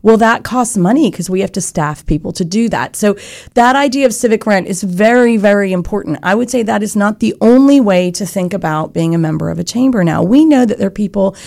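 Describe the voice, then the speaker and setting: A woman's voice: mid-range voice, lively intonation, brisk, creaky, darkish tone. A woman leading a chamber of commerce, speaking earnestly and articulately in an interview conversation. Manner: earnest, articulate, explains with examples.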